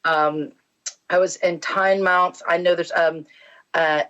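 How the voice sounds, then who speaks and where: A woman's voice: lowish voice, steady tone, slow, fairly bright tone, smooth, highs cut off. A woman from Texas with a Texan accent, telling travel stories as a guest in a casual interview, chatty and bubbly, with lots of fillers and restarts. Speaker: musician guest.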